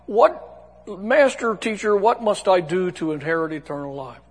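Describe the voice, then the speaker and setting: An eager rich young man, put on by a preacher asks his questions sincerely. His voice is high and slightly husky. A long hall reverb follows each phrase. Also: a little slow, exaggerated voice. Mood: earnest.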